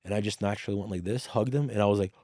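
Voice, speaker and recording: A man guest on a podcast, telling a personal story in casual chat, animated and swearing freely while acting out what others said. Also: lowish voice, rapid-fire, no echo. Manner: animated, swears freely, acts out quoted dialogue.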